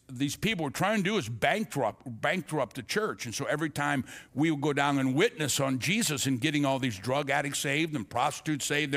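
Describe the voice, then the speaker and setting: Older man preaching a lively story sermon. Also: on the high side. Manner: animated storyteller acting out dialogue, stammers and restarts. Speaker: pastor.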